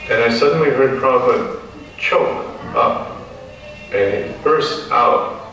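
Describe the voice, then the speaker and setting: An earnest man recalling a moving memory, quoting others and slowing at the tender parts. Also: lowish voice, a bit bright, slight background noise. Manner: earnest, quotes others, slows at moving moments. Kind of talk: reminiscing talk. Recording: echoey room, distant mic.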